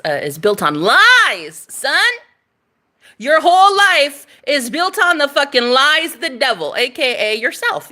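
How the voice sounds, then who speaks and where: A woman vlogger ranting to camera in a sassy, profane style, mocking her critics and breaking into laughter. Her voice is bright and fairly high, and her pitch swings widely as she talks.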